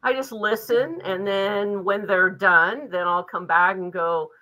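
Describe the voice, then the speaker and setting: A woman's voice: medium pitch, steady tone, measured pace, pushed and bright, poor audio. A woman in her fifties, a business advisor talking as an interview guest in a blunt, direct way with a sense of urgency. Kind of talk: casual interview talk.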